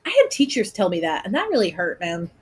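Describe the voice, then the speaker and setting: A young woman co-hosting a podcast in casual chat, talking in quick, laughing asides. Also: lowish voice, wildly swooping pitch. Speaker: podcast co-host; teacher.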